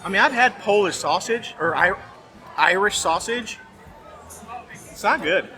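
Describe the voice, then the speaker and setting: A man's voice: high voice, animated, measured pace, bright, forceful tone, a faint crowd. Rambling man tasting food outdoors. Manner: rambling, hesitant, many fillers. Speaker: vlogger. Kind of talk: casual food-tasting chat. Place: outdoor festival.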